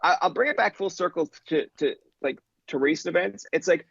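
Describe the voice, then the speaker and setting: A man from Newfoundland in his thirties, a podcast guest telling stories in an animated, profane way and acting out the people in them. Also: fairly high pitch, a little fast, vocal fry, husky, dry recording, highs cut off. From Newfoundland, Canada. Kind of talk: casual storytelling chat.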